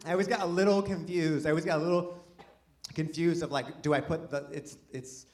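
A man's voice: on the high side, steady tone, fairly quick, darkish tone. A man performing a stand-up comedy set in front of a live audience, talking in a rambling, self-deprecating way, full of false starts and restarts. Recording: live room with audience laughter. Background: audience laughing.

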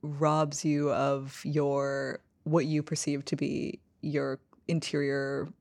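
A woman's voice: low voice, flat delivery, slow, darkish tone, no echo. A woman co-hosting a casual talk show, chatting with lots of "like" fillers. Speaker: podcast co-host. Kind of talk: casual chat.

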